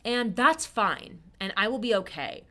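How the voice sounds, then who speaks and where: A woman's voice: mid-range voice, lively intonation, measured pace, bright, forceful tone. A young woman hosting a casual solo podcast, chatty and upbeat, who loses her train of thought and pokes fun at herself. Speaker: podcast host and stage performer.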